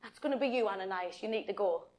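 A woman's voice: medium pitch, quick pace, a little mellow, pitched below the performer's own voice, close to an everyday voice. A woman voicing God as a male voice giving firm, direct instructions in a children's Bible story. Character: God speaking to a disciple, male, commanding.

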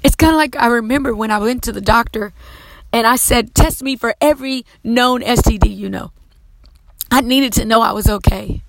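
A woman's voice: fairly high pitch, moderate pace, gravelly, no room sound, low-quality recording. Tearful, fervent woman preacher. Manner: emotional, fervent, fighting tears. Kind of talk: testimony sermon.

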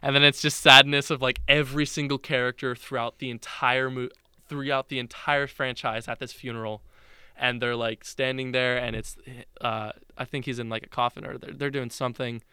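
Young guy in casual chat, rambling storyteller, bright tone, dry sound. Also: medium pitch, level tone, normal speed, smooth, no room sound. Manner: rambling, filler-heavy retelling with restarts.

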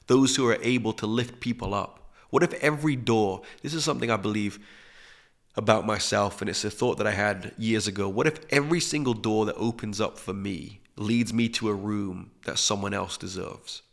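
Man, low gravelly voice, calm reflective spiritual teacher, soft hushed emphasis. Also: moderate pace. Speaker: podcast host.

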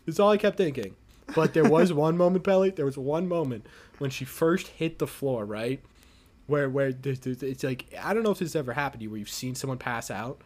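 A man hosting a podcast, telling a story in a casual, animated and profane way and acting out the people in it. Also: medium pitch, a little fast. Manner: animated, profane, retells scenes with quoted voices. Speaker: podcast host.

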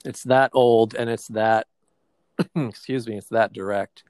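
Reflective man in his forties, low dry voice. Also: fairly even intonation, unhurried, darkish tone, no echo. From New Jersey. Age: 40s. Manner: reflective, retelling a therapy session with quoted dialogue. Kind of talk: casual personal storytelling.

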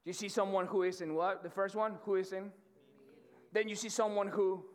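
High-ish guy pastor, chatty slangy sermon, lots of restarts, big echoey church hall. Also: flat delivery, moderate pace. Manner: conversational and slangy, with many restarts and repeated "right?". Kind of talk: casual sermon to college students. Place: church auditorium. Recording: long reverb of a large hall.

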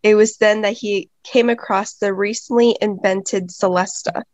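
A woman co-hosting a podcast, reading a prepared music segment in a steady, informative way. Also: mid-range voice, moderate pace, no echo, muffled recording. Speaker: podcast co-host.

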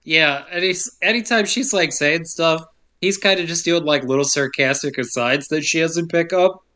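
A podcast co-host with a bright, slightly high voice recaps a movie in casual chat at a smooth, moderate pace. He acts out the characters' lines with playful humor full of swearing.

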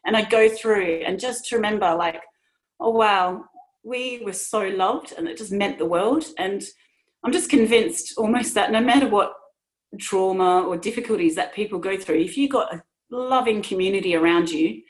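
A woman's voice: mid-range voice, moderate pace. A woman in her thirties speaking earnestly and emotionally about her own experiences, with many restarts. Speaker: podcast guest. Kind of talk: personal conversation.

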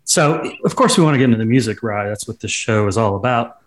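A man's voice: fairly low pitch, animated, quick pace. A man co-hosting a casual music podcast, telling amused anecdotes. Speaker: podcast co-host. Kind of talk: casual chat.

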